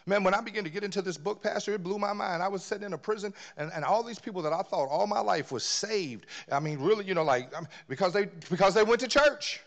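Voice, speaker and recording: Preaching fast with few pauses, this high-voiced man swings between near-whispers and loud, forceful bursts. Repeated words help him build momentum through the sermon.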